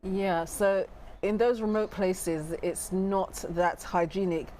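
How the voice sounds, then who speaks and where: A woman speaks as a studio guest, laying out her argument earnestly with many restarts. Her voice sits at a middling pitch, and faint background noise runs under it. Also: steady tone, slow pace, darkish tone. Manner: earnest, explanatory, frequent restarts. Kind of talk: talk show discussion.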